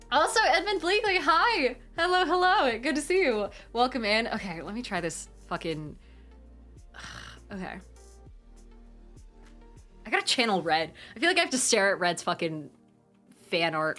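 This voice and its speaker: Young woman streaming, animated and sweary, reading chat out loud, mid-pitched voice, quiet music behind. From Pacific Northwest. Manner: chatty and animated, swears freely, laughs often, rambles with restarts. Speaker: live streamer. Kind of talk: casual live-stream chat, reading viewer comments.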